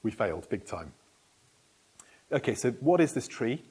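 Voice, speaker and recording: A man's voice: medium pitch, sing-song, moderate pace, darkish tone, husky. A middle-aged man preaching a conversational sermon, putting questions to the congregation and often restarting his phrases. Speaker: pastor. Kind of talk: interactive sermon. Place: church hall.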